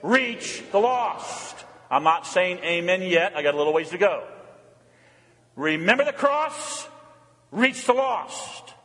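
With long pauses and no rush, this pastor speaks in a high, pushed, bright voice that stays animated throughout his sermon. He leads call and response in the church sanctuary, where long reverb trails his refrains and rhetorical questions as the congregation echoes lines back.

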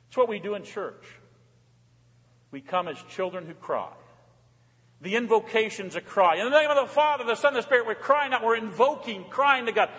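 A middle-aged man, a pastor, giving a fervent sermon in a church, moving between raised cries and soft, low asides. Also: animated, fairly quick. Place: church sanctuary. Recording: reverberant church hall.

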